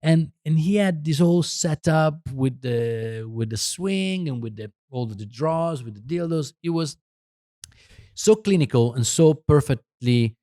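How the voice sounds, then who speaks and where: A man's voice: fairly high pitch, animated, unhurried, mellow, dry recording, studio quality. A man with an Italian accent telling a rambling story in a casual podcast chat, laughing and restarting often. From Italy. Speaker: podcast guest, photographer.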